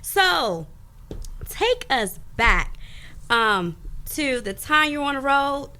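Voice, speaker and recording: A woman's voice: high voice, sing-song, takes it slowly, sharp tone. A woman hosting a radio talk show, affirming her guest and repeating her key points back. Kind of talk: radio interview. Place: radio studio.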